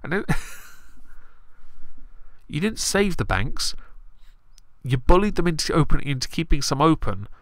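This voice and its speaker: A man's voice: a little high, sing-song, a little slow, pauses often, no echo. Sarcastic swearing man streaming. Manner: sarcastic, blunt, swears often. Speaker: live streamer commenting on politics. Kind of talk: casual live-stream commentary.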